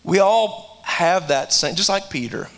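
Preacher guy, high bright voice, earnest sermon, acts out the dialogue. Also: expressive, unhurried. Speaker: pastor.

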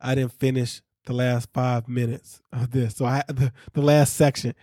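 A man hosting a casual recap podcast, talking in an animated way, laughing and quoting people as he tells the story. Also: mid-range voice, normal speed, no echo, studio quality. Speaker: podcast host.

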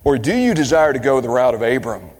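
A man from Kentucky preaching a sermon, shifting his pace and pitch for emphasis as he quotes scripture. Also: sing-song, quick pace, darkish tone. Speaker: pastor. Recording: long hall reverb.

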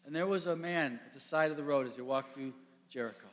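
A man preaching a sermon, animated and storytelling, acting out the characters. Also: on the high side, fast talker. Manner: animated storytelling, acts out voices. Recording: echoey hall.

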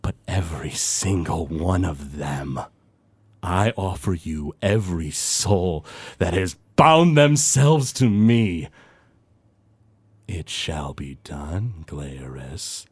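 A man's voice: low voice, expressive, slow pace, breathy edge, no echo, voice pushed down, full character voice. A man voicing a ranting, villainous male cult leader, shifting between despair and gloating. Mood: gloating menace. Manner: desperate, then gloating.

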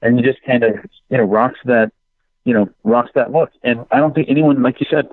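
A man's voice: medium pitch, no room sound. A man in casual podcast chat who jokes and tosses out rhetorical questions. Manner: quick, joking, rhetorical questions. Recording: dry, tinny phone-like line.

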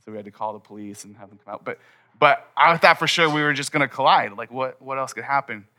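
Bright-voiced casual young preacher man. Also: mid-range voice, fast. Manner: casual, conversational preaching with many "like"s. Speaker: pastor. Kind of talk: sermon. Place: church hall before a congregation.

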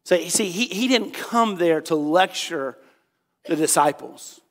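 Man, pastor, high voice, casual joking sermon, lots of fillers, long hall reverb. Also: animated, a little slow.

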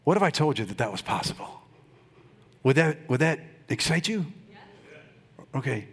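A male pastor preaching a lively sermon, calling out to his congregation and urging them to answer back. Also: on the high side, normal speed, husky. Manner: rousing, calls on the congregation to respond.

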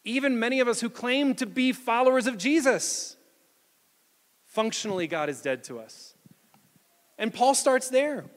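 Animated high-voiced male pastor preaching. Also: big-room sound. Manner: animated preaching, reads scripture aloud. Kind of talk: sermon. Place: church sanctuary.

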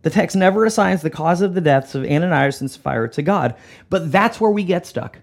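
Gravelly, husky male preacher. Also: high-pitched, a little fast. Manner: animated, emphatic preaching with sudden soft drops. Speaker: pastor. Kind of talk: sermon.

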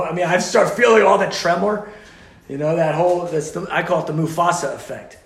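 Passionate preacher man, fairly high voice. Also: a little fast, gravelly, reverberant. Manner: passionate, swings from loud urgent pleading to hushed intimate tones. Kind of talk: teaching sermon.

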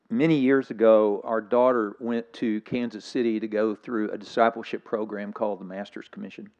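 A man's voice: on the low side, steady tone, normal speed, vocal fry, darkish tone, muffled recording. An older man preaching a sermon in a reflective, slightly weepy manner. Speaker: guest preacher.

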